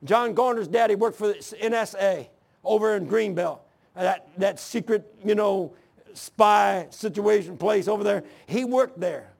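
An older man in his sixties preaching from the pulpit of a church, his voice sitting high for a man and grainy with gravel. He tells his own testimony in a folksy, earnest way with rough, plain grammar, moving between scripture and personal stories. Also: measured pace.

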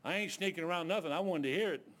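A man's voice: high-pitched, racing, a bit bright, a little hiss or hum. A man preaching a storytelling sermon. He talks in a folksy way, restarts his sentences often and acts out the voices of the people in his stories. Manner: folksy, with restarts and filler words.

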